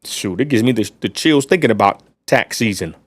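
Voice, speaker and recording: A man's voice: fairly low pitch, expressive, brisk, no room sound. A man with a West Texas accent hosting a casual livestream, ranting bluntly and talking straight to his viewers. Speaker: livestream host.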